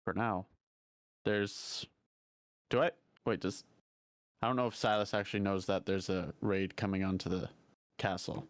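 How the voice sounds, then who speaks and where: A man playing a tabletop game with a fairly low voice. He talks hesitantly, starting over often and laughing between lines. The sound is dry and close. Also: flat delivery, moderate pace, long pauses, clear, resonant tone, no echo. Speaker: player. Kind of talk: casual tabletop game chat.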